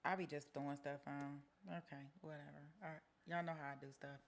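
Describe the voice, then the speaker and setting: A woman's voice: low-pitched, flat delivery, a little fast. A woman hosting a true-crime commentary show, talking casually with lots of restarts. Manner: casual, chatty, many restarts. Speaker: host.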